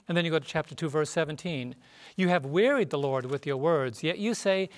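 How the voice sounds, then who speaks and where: A man's voice: fairly high pitch, fairly quick. Emphatic man teaching scripture. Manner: emphatic, rises sharply when quoting scripture. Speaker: Bible study panelist. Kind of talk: Bible study panel teaching.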